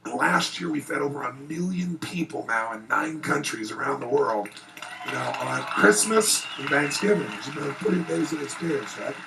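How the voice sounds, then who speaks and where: A man giving an earnest, animated personal storytelling speech at a private event before an audience. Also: on the high side, normal speed, gravelly, distant mic, background noise. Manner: earnest, animated, rising excitement in retellings. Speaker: motivational speaker.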